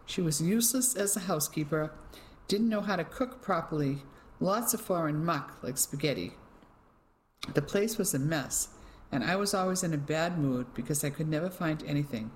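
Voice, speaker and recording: Older stiff gentleman, clipped and self-pitying, put on by an audiobook reader; plain storybook reading. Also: medium pitch, lively intonation, moderate pace, slight background noise, lightly acted. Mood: pleading. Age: 60s.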